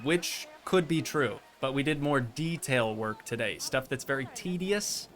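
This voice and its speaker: A man's voice: medium pitch, a little slow, soft background music. A man streaming a park-building game, chatting casually and rambling along while tired at the end of a long stream. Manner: relaxed, rambling, self-amused.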